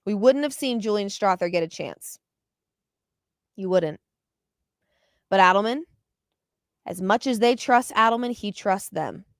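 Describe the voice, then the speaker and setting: A woman's voice: medium pitch, unhurried, pauses often, dry recording, studio quality. A woman hosting a basketball postgame podcast, talking with passion and open emotion, often repeating herself when fired up. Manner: animated, repeats words when excited. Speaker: podcast host.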